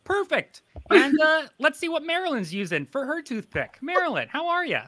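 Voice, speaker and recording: Animated, joking male host. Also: very high-pitched, a little fast. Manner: jokey, animated storyteller. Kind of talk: playful online show hosting.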